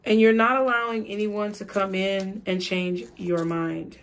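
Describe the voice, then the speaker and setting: Woman doing a tarot reading, real slow and unhurried, repeats herself a lot, mid pitch. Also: flat delivery. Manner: slow, repetitive, spiritual phrasing. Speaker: tarot reader.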